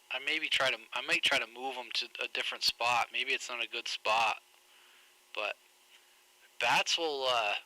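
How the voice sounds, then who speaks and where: A man's voice: medium pitch, sharp tone, no room sound, poor audio. A man co-hosting a radio show, telling laid-back anecdotes in casual chat. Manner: laid-back anecdotal, with fillers and quick laughs.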